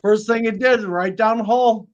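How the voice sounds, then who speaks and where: A man's voice: sits high, steady tone, normal speed, muffled recording. A man spins folksy, casual stories. He swears freely and throws himself into the voices of the people he quotes, the way you would at a kitchen table. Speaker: snake keeper on live stream. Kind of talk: casual storytelling chat.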